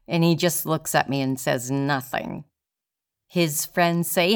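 A woman performing a first-person true story, speaking in a measured, deliberate way with weighty pauses. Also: low voice, fairly even intonation, smooth. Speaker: solo performer telling her own story.

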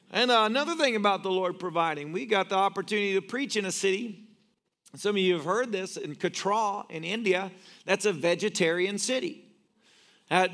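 Joking high-voiced pastor preaching. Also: male voice, a bit bright. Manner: joking storyteller. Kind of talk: sermon. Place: church.

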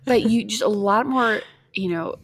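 A woman's voice: mid-range voice, a little slow, husky, no echo. A young woman chats casually as a podcast co-host, wandering through her points with "um" and "you know." The sound is dry and close to the mic. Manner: rambling, hesitant, with "um" and "you know". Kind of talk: casual chat.

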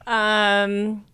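A woman's voice: mid-range voice, sharp tone, clear, resonant tone. A woman co-hosting a podcast who answers quiz questions between giggles. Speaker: podcast co-host. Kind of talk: casual podcast chat.

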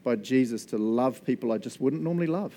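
Brisk and expressive, a pastor with a warm, mid-range voice gives a chatty, enthusiastic sermon, often turning to the congregation. He laughs often and punctuates lines with "eh?" and "right?", over a little hiss or hum.

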